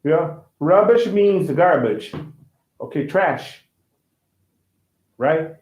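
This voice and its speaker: A man's voice: a little high, expressive, drawn-out words, a little mellow. A man, teaching an online English class, who repeats and restarts phrases and keeps checking with "right?". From Brazil. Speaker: language teacher. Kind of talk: casual online lesson. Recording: echoey, tinny phone-like line.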